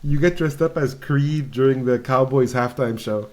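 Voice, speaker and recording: A man's voice: mid-range voice, moderate pace, a little mellow. A young man hosting a podcast in casual chat, laid-back and teasing his co-hosts. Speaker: podcast host.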